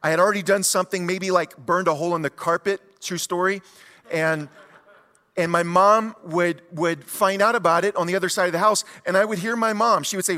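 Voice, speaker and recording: Bright-voiced male pastor preaching. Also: sits high, a little fast, in a large hall. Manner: animated storytelling with rhetorical questions to the congregation. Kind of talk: sermon.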